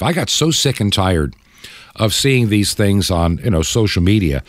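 A man's voice: fairly low pitch, moderate pace, dry recording, clean studio sound. An older man from the United States hosting Christian talk radio, with impassioned, preachy commentary. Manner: impassioned, preachy, mocks opponents in quoted voices. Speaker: radio talk show host.

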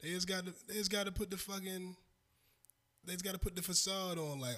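A man co-hosting a podcast, chiming in with quick profane agreement and frequent laughter. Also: sits high, fairly even intonation, bright, forceful tone. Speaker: podcast co-host. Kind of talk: casual chat.

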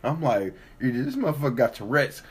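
A man co-hosting a podcast, telling a profane, animated story in casual chat and acting out the quotes. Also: medium pitch, a little fast, slightly rough. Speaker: podcast co-host.

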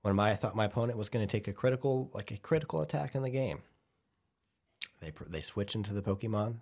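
A man's voice: on the low side, quick pace, vocal fry. A man on a podcast telling a gaming story in casual chat, swearing freely and acting out what people said. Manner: animated, swears, acts out quotes. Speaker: podcast host.

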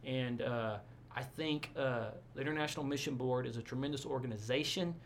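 A man, a pastor, telling stories in a casual interview, rambling and animated with many asides. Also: medium pitch, brisk, a little hiss or hum.

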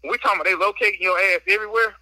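A man with a high, very bright and sharp voice speaks into a phone while out walking, a little out of breath. His delivery is emphatic and full of slang as he vents in a casual podcast chat. The sound is dry and close, with no room around it. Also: steady tone, very fast, no echo, rough recording. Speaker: podcast guest. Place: outdoors on a walk.

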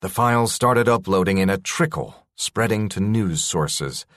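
A man's voice: deep voice, expressive, unhurried, fairly bright tone, no room sound, clean studio sound. A man narrating a science-fiction story in a dramatic, tense first-person reading.

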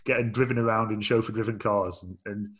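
A man's voice: fairly low pitch, steady tone, quick pace, a bit bright. A man from England hosting a casual podcast chat, steering the talk with many fillers. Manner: friendly, guiding the talk, hesitant fillers. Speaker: podcast host.

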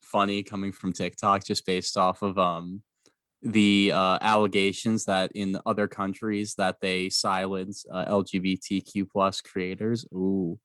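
A man's voice: low voice, little pitch movement, a little slow, a bit bright, dry recording. A man in a casual podcast chat, laid-back and sarcastic, often breaking into laughter.

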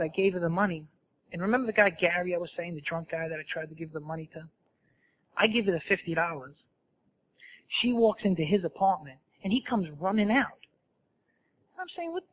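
A man's voice: sits high, animated, brisk, pauses often, lo-fi sound. A man telling his recovery story at a meeting in a candid, self-mocking storytelling way. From New Jersey. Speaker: speaker sharing at a recovery meeting. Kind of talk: personal recovery talk to an audience.

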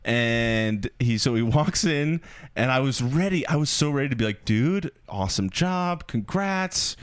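A man's voice: medium pitch, normal speed, smooth, no room sound. A man co-hosting a podcast, a comedian telling self-mocking stories in a rambling way. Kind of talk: casual podcast banter.

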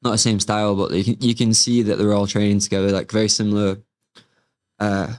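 A man's voice: lowish voice, little pitch movement, fairly quick, darkish tone. A man, a grappling coach chatting casually in an interview, rambling with many fillers. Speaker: MMA fighter and grappling coach, guest.

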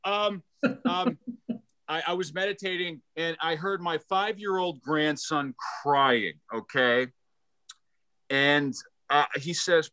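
A middle-aged man performing a stand-up set, loud and animated, self-mocking, stumbling over restarts. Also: on the high side, takes it slowly, smooth, no room sound. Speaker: stand-up comedian.

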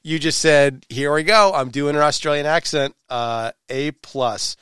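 A man's voice: on the high side, a little slow, fairly bright tone, clear, resonant tone, no echo, studio quality. A man hosting a podcast interview, with a playful, showy way of building up his guest. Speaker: podcast host. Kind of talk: casual interview.

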